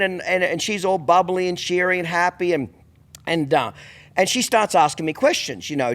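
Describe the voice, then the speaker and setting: A middle-aged man with a slightly higher voice tells a story on a podcast. He talks in a blunt, emphatic way and swears often. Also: moderate pace, a bit bright. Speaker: podcast host. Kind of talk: casual storytelling.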